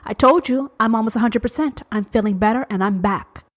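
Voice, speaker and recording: A woman hosting a podcast, talking straight at the listener in a blunt, confrontational, heavily profane monologue, slowing down to stretch out the words she wants to land. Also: on the high side. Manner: slows to drawn-out emphasis on key words. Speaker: podcast host.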